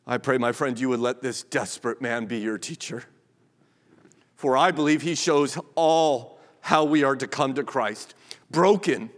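A man preaching a sermon, impassioned, rising to emphatic peaks and dropping to a hush. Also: fairly high pitch. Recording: long reverb of a large hall.

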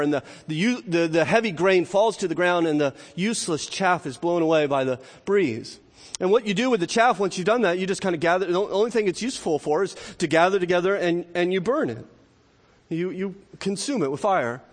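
A man preaching a sermon as pastor, impassioned, rising to shouts when he quotes. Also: sits high. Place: church sanctuary. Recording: reverberant hall.

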